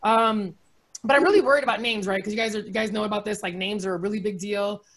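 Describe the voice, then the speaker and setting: A woman in her forties doing a sarcastic, animated stand-up comedy set, laughing often between jokes. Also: medium pitch, fast talker, a little hiss or hum. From United States. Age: 40s.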